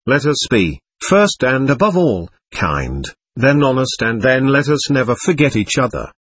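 A man reading the part of a gentle, earnest young man who speaks warmly and pleadingly to a group of boys, in a storybook reading. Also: medium pitch, very animated, a little slow, breathy edge, no room sound, exaggerated voice. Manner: warm, heartfelt, pleading.

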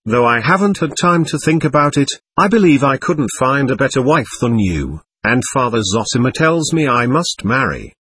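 Sincere young man in a storybook reading, voiced by a man, calm and husky. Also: mid-range voice, normal speed, hardly any pauses. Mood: earnest. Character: gentle, earnest young man.

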